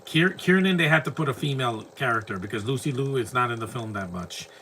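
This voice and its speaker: A man's voice: medium pitch, lively intonation, fast talker, pushed and bright, a little hiss or hum. A man giving casual, opinionated film commentary over a movie, rambling and ranting in asides.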